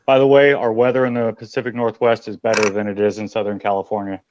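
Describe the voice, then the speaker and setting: A man's voice: lowish voice, little pitch movement, fast talker, darkish tone, highs cut off. A man chatting over a video call as a guest player, teasing with dry humor. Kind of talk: casual video-call chat.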